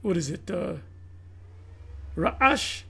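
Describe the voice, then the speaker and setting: A man's voice: high-pitched, lively intonation, extremely slow, vocal fry, fairly bright tone, breathy edge. A man giving a rambling commentary monologue, full of restarts and fillers. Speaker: video commentator.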